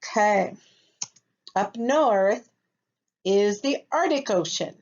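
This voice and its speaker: In this slightly dull, lo-fi recording, an American first grade teacher works through a lesson with young children at an unhurried, careful pace, her mid-range voice darkish in tone yet lively in intonation. She stays patient and keeps asking "okay?" to make sure her students are following.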